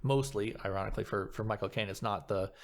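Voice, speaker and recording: A man talking as a guest actor on a podcast, thoughtful and halting, often restarting his sentences. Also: lowish voice. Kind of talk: casual podcast chat.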